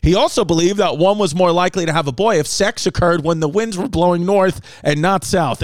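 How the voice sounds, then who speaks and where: A brash, foul-mouthed male comedian runs a podcast segment, reading odd facts and riffing on them loudly. His voice sits a bit high for a man. The sound is close and dry, with no room in it. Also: no echo. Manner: loud, brash, swears a lot, animated voices for others.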